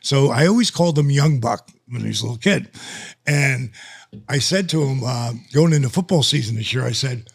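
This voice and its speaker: An older man as a podcast guest, telling stories in a casual, animated way and acting out the conversations. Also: mid-range voice, a little fast, creaky, breathy edge. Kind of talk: casual storytelling. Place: lives in the US.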